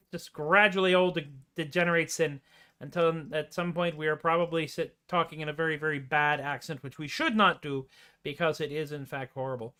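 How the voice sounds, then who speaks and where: A man hosting a folk music show, rambling between songs in a deliberately bad put-on Irish accent, self-deprecating. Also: on the high side, steady tone. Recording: loud guitar music under the voice. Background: loud acoustic guitar.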